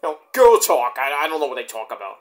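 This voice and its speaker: A man's voice: medium pitch, big pitch swings, fast. A man reviewing a wrestling show in a rambling, profane casual monologue, tired late at night.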